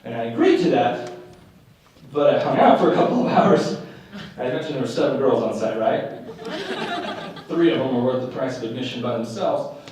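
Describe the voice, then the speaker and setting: A man's voice: mid-range voice, expressive, normal speed, long pauses, recorded from a distance, crowd noise. A man performing live stand-up, telling wry, self-deprecating stories before an audience. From Utah. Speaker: stand-up comedian. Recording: echoey live room, mic picks up from afar.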